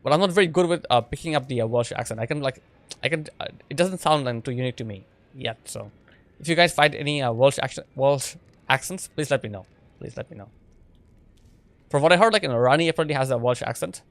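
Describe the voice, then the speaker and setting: A man's voice: medium pitch, quick pace, dry recording. A man giving casual gameplay commentary as a streamer, rambling and chatty with lots of fillers. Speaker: game streamer.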